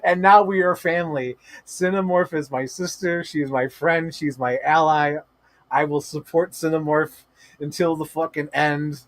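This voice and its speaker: An excitable man streaming to his chat, gushing and swearing as he rambles on with "like" after "like". His voice sits a bit high, and the sound is close and dry, with no room around it. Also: moderate pace, dry recording. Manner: gushing, profane, rambling with many "like" fillers. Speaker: livestream host. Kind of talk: excited casual livestream chat.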